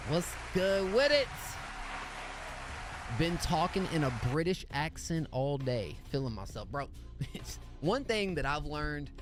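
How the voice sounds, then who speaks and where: A man hosts a music review livestream, offering feedback and greeting chat in upbeat, slangy, casual talk. His voice is a little high, very animated, and slow.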